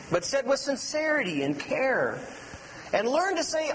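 A man with a high voice preaches a sermon as pastor, animated in his storytelling and sinking to a hushed, low tone to stress a point. His words ring out with a long reverb in a church sanctuary. A faint electrical hum sits beneath the recording. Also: measured pace. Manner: animated storytelling, dropping to a soft low voice for emphasis. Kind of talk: sermon with personal stories.

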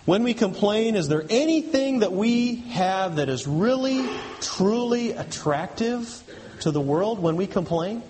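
High-voiced man preaching in a reverberant hall. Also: animated, a little slow, darkish tone, slight background noise. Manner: emphatic, repetitive preaching with rhetorical questions. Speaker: pastor. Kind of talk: sermon.

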